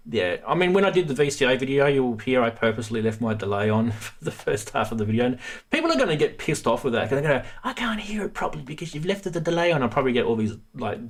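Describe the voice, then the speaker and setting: A man hosting a casual livestream from a home studio, chatty and laughing often. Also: mid-range voice. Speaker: livestream host.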